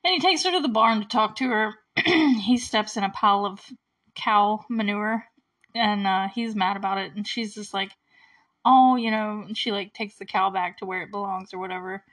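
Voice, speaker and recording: A woman hosts a laid-back movie recap, her mid-range voice fairly bright at an ordinary speed. She chats easily, sprinkling in "like" and small laughs, and frequently clears her throat.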